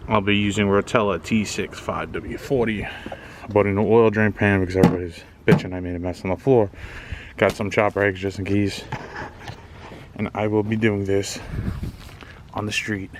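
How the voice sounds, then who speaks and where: A man's voice: fairly low pitch, fairly even intonation, normal speed, pauses often. A man doing his own oil change outdoors on a street, narrating casually to viewers and cursing in frustration. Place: outdoors on a street beside a car. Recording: noisy street recording, cars passing. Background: passing traffic.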